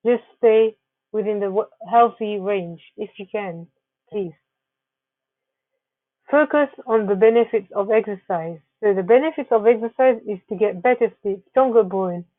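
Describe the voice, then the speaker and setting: A woman's voice: mid-range voice, no room sound. Woman presenter, narrated slides, earnest advice-giving tone, phone-quality audio, dry and close. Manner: earnest, advising, with frequent restarts. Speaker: wellness presenter. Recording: tinny phone-like, dry sound.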